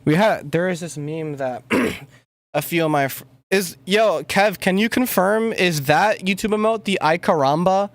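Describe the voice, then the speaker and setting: During a music-making livestream, a young man with a high voice talks at a measured pace, rambling casually and muttering swears. He trails off and mumbles between thoughts, clicking around at his desk mic.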